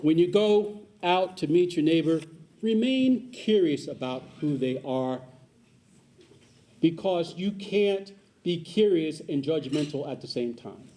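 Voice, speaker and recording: A man's voice: on the high side, lively intonation, slow pace, warm tone. A man giving a public speech at a community celebration, telling a personal story with joking asides to the audience and repeating his key points. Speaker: guest speaker at a community celebration.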